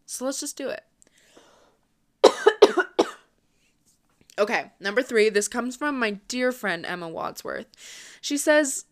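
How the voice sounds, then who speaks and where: Young woman, vlogger, casual chat, chatty and upbeat, smooth clear voice. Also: a little high, expressive. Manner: chatty, quick and upbeat, lots of "like" and "um".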